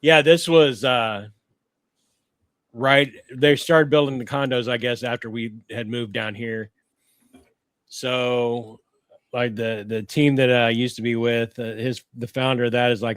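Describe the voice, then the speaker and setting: A man's voice: medium pitch, little pitch movement, moderate pace, dry recording. Easygoing Midwestern man, casual talk. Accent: Midwestern American. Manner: easygoing, joking, chimes in with short replies. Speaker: paranormal investigator and podcast co-host. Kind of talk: casual chat.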